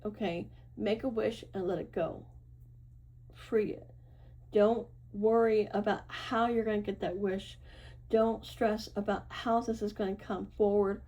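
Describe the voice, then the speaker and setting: A tarot reader gives her viewers a casual reading in a mellow, mid-range voice with fairly even intonation and a moderate pace, captured on a low-quality recording. She's reassuring and loose, full of fillers and self-corrections, and often checks in with "right?" and "okay?"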